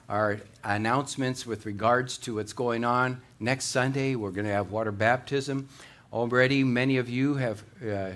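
A man preaching a sermon as pastor, folksy and quick, with fillers and joking asides. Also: mid-range voice, a bit bright.

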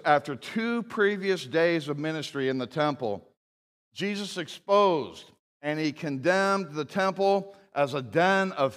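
A male pastor with a fairly high voice preaching with emphatic build-ups, rhetorical questions and casual joking asides. His voice echoes through a large church hall with a long reverb tail. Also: a bit bright. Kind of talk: sermon.

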